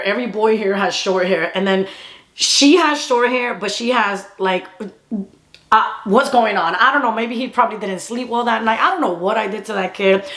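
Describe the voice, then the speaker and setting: Young woman, vlogger, storytime, fast casual talk, animated, Spanish phrases mixed in. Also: medium pitch.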